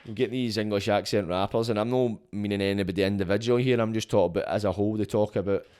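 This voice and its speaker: A man's voice: lowish voice, steady tone, fast, darkish tone, smooth. A young Scottish man hosting a podcast, giving a blunt, sweary, opinionated monologue that grows heated. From Scotland. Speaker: podcast host.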